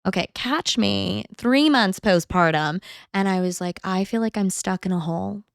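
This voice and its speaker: A young woman speaks as a podcast guest, telling her own story with lively energy and acting out each quoted line. Her voice sits at an ordinary middle pitch. The close mic sounds dry, with no room around it. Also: moderate pace, vocal fry, clear, resonant tone, no echo. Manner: animated, acts out quotes with laughter. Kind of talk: candid storytelling chat.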